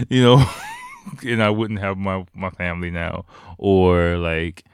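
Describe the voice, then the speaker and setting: A man's voice: sits low, a little slow, clear, resonant tone, no echo, clean studio sound. A man casually telling a personal story, rambling and swearing, with many fillers like "like" and "you know.".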